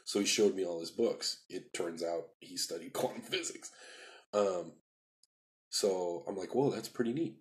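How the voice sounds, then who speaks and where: A man telling his life story on a live video stream, rambling and repeating himself, acting out quoted dialogue, pushing some words hard and rushing others. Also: low voice, steady tone.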